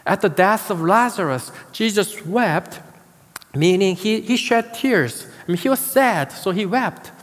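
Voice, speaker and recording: A man preaching a sermon as pastor, building emphasis with dramatic pauses and repeated key words. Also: sits high, expressive, a bit bright, in a large hall.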